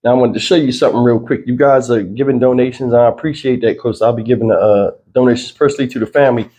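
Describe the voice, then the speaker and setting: A man hosts his own commentary channel in a rambling, filler-heavy way. His voice is dark and mellow and still has its morning roughness, pitched about middle for a man. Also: steady tone, fast talker. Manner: loose, rambling delivery with frequent fillers. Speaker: channel host. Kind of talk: casual news commentary vlog.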